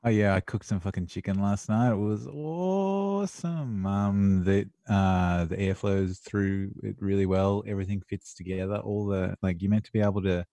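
A relaxed man who chats on a video call and swears freely. His voice sits at an ordinary, mid pitch. The sound is dry, close and plain. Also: moderate pace, hardly any pauses, no room sound. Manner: laid-back, swears a lot. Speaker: podcast co-host. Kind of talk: casual chat.

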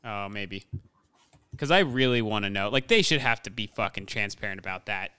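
Podcast co-host, male, crisp bright tone, profane and excitable. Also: lowish voice, moderate pace, dry recording. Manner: swears a lot, laughs often, animated ranting. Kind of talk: casual movie review chat.

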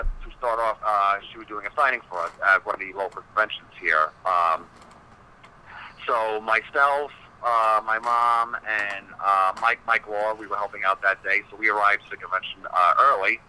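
A man's voice: fairly low pitch, bright, forceful tone, poor audio. A man, a wrestling personality, telling stories in a casual podcast interview, rambling with many fillers and swearing freely.

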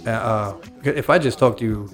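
A man's voice: mid-range voice, normal speed, soft background music. A man co-hosting a casual podcast, telling stories in a profane, joking way. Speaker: podcast co-host.

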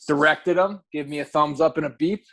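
A man tells stories on a podcast in a casual, rambling way. He swears freely and corrects himself mid-sentence. His voice sits a bit high for a man. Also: brisk, a bit bright. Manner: rambling, profane, with self-corrections. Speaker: podcast co-host. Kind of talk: casual chat, storytelling.

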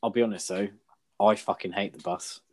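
Man, low husky voice, loose rambling podcast chat, swears a lot. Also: fairly even intonation, brisk, darkish tone. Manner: rambling, sweary, many restarts. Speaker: podcast co-host. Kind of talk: casual chat.

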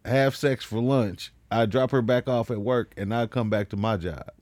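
A man's voice: mid-range voice, moderate pace, a little mellow, no room sound. Guy rambling thru a crude story on a podcast, laughing a lot, super dry mic. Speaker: comedian.

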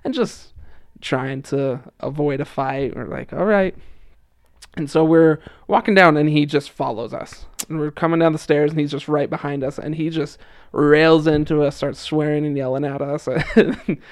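A man's voice: on the high side, steady tone, moderate pace, clear, resonant tone, no echo, clean studio sound. A young man casually telling a story as a podcast guest, chatty with lots of fillers and frequent laughs. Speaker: podcast guest, returned missionary.

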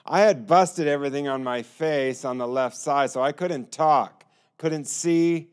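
A man's voice: on the high side, a little slow, clean tone. Earnest man telling his testimony. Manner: earnest storytelling, acts out other people's lines. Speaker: testimony speaker. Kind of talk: personal testimony.

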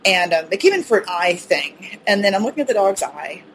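Lively woman veterinarian telling stories. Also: medium pitch, fairly quick, slight background noise, rough recording. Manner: animated storyteller, laughs often. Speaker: veterinarian co-host. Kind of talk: casual podcast chat.

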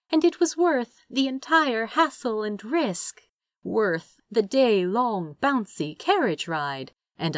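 Slow, expressive woman narrator. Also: medium pitch, no room sound, studio quality. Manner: expressive, measured storytelling. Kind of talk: audiobook narration.

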